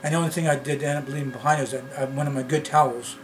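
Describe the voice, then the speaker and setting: A man from Canada telling a personal story to his camera in a rambling, halting way, with many restarts. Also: medium pitch, steady tone, low-quality recording. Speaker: vlogger. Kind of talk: casual storytelling vlog. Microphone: camera mic. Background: background music.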